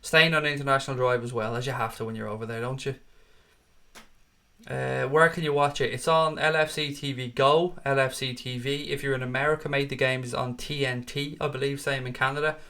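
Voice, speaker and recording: A man's voice: medium pitch, fairly even intonation, brisk, bright, forceful tone. A Dublin Irish man in his late thirties hosting a live football watchalong, chatting casually with viewers, swearing freely and calling them mate. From Ireland. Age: 30s. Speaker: watchalong host. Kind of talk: casual live stream chat reading comments.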